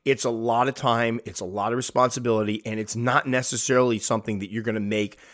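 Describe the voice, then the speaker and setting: A man's voice: mid-range voice, steady tone, quick pace, fairly bright tone. A man hosting a hobby podcast, talking candidly and animatedly, acting out the people he quotes. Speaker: podcast host. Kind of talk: casual podcast monologue.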